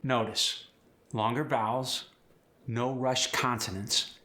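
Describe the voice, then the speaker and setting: A man's voice: mid-range voice, steady tone, slow, bright, forceful tone. A man hosting a pronunciation tutorial, explaining sounds casually and demonstrating words. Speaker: accent coach and host.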